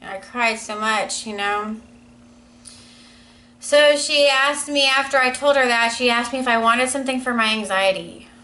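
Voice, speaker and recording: A woman's voice: a little high, normal speed, pushed and bright, rough recording. A woman in her thirties talking to camera in a casual personal vlog, earnest and rambling, with many "you know" fillers. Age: 30s. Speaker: vlogger.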